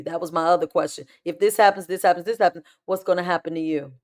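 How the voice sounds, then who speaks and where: A woman's voice: lowish voice, steady tone, clean tone. A woman hosting a live spiritual talk show, chatting emphatically with her viewers and calling them y'all and baby. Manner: acts out inner voices in quick asides.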